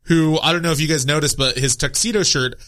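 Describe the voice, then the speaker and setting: Upbeat male co-host, bright voice, slightly high, joking award bits. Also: quick pace. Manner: upbeat, hands out mock awards. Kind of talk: casual chat.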